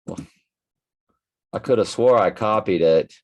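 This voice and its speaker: A man's voice: fairly low pitch, measured pace, a little mellow, highs cut off. A tired man hosting a casual livestream, reading out viewer comments in a rambling, musing way with many fillers.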